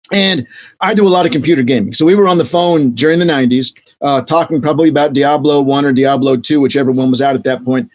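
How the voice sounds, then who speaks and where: A man in his fifties, an economics professor, answering interview questions as an animated storyteller who acts out quotes. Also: on the high side.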